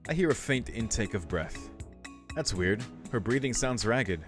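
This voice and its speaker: A man's voice: mid-range voice, lively intonation, moderate pace. A man hosting a let's play, reading a visual novel's text aloud and breaking off to react casually, now and then with a swear. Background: faint game music.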